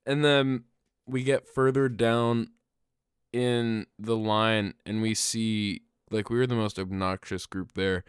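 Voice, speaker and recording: Young male podcast co-host, animated comic storyteller, slow easy delivery, dry close mic. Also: fairly low pitch, clean tone, no echo. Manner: animated, laughs often, breaks into loud yelled bits. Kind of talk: casual comedic storytelling.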